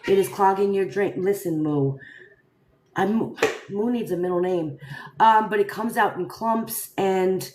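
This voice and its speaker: A woman's voice: mid-range voice, measured pace, background noise. A woman hosting a casual live stream, talking straight to her viewers and firing rhetorical questions at them. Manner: animated, rhetorical, addresses viewers directly. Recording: echoey room sound.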